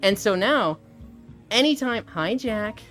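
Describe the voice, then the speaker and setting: Animated swearing streamer with lively pitch. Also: female voice, takes it slowly, faint music behind. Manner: animated, swears freely, reads chat aloud. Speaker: streamer host. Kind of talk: casual live-stream chat.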